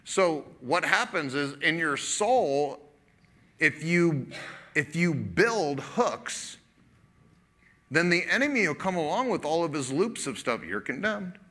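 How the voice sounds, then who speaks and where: A man's voice: on the high side, takes it slowly. A man pastor preaching a sermon, telling a story conversationally and acting out both sides of the dialogue. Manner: animated storytelling, acts out dialogue; casual, conversational preaching with fillers.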